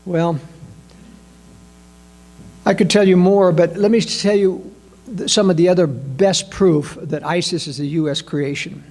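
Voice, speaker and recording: A man giving a political analysis talk, emphatic and full of rhetorical questions, addressing listeners as ladies and gentlemen. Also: high-pitched, steady tone, measured pace, long pauses. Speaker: political commentator.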